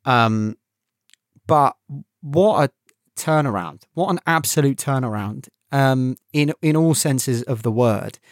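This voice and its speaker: A man co-hosting a casual football podcast, halting and searching for words as he talks. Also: medium pitch, lively intonation, no room sound, studio quality. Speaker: podcast co-host.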